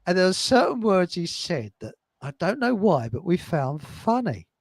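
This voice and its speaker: Older bloke on a radio chat, kinda high voice, laughs a lot, dry close sound. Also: male voice, sing-song, normal speed, no room sound. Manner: chatty, laughs often, jokey asides. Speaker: host.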